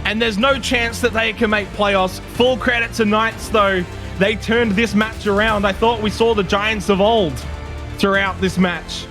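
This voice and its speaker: A man casting an esports match, losing his voice and shouting at the big plays. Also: high-pitched, fairly even intonation, a little slow, over music. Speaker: esports caster. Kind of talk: play-by-play commentary.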